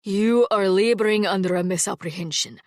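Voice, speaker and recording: A woman reading an audiobook and voicing an immortal male swordsman with a low, stern, dryly polite manner. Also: normal speed, a little mellow, dry recording, studio quality, lightly acted.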